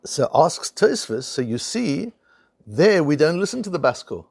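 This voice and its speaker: A man's voice: on the high side, sing-song, measured pace, vocal fry, darkish tone, husky, no echo, studio quality. A man teaching a Talmud class, telling the stories with animation and weaving in Hebrew and Aramaic terms. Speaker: Torah teacher.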